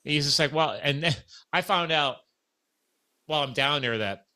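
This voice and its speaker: Bright-voiced man telling a casual story. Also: a little high, normal speed. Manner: animated, acts out quoted dialogue. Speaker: podcast guest telling a story.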